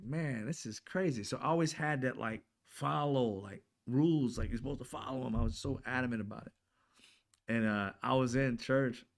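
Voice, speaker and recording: A man in his fifties telling a story in a casual monologue, animated and profane, talking straight to his listeners. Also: fairly low pitch, gravelly. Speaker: channel host.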